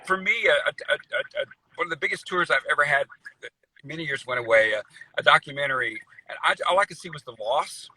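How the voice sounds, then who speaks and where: A man's voice: fairly high pitch, fast, pushed and bright, rough recording. A middle-aged man, telling stories in a folksy, rambling way, full of fillers, on a video call interview. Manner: folksy storyteller, says y'all, many fillers. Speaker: guest country singer. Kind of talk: casual interview chat.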